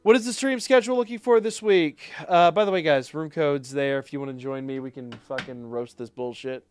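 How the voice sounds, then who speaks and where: A man's voice: on the high side, a little fast, a little mellow, clear, resonant tone, faint music behind. A man streaming a game live, talking to chat in a loose, casual way and swearing and ranting whenever the game frustrates him. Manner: swears a lot, rants in frustration. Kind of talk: live gameplay stream commentary.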